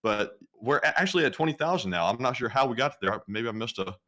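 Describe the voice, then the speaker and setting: A man co-hosting a livestream, briskly reading off donations and viewer questions. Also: medium pitch, animated, bright, forceful tone. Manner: reads long lists of names briskly.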